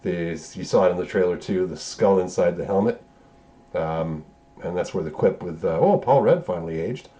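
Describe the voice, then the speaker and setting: A man's voice: low voice, steady tone, moderate pace, warm tone. A man reviewing a movie, casually recapping scenes in a loose, profane way and correcting himself as he goes. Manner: loose, profane, rambling retelling with self-corrections.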